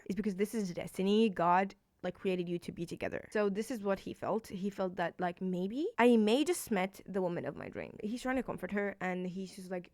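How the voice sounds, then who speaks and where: A woman talks about her favorite reads at a mid pitch, chatty and rambling, leaning on "like" and hopping excitedly from point to point. Her voice is recorded close and dry, with almost no room sound. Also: no echo. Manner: chatty and rambling, heavy use of "like"; excitable, jumps between topics. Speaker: book reviewer. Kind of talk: casual book review vlog. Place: indoors at home.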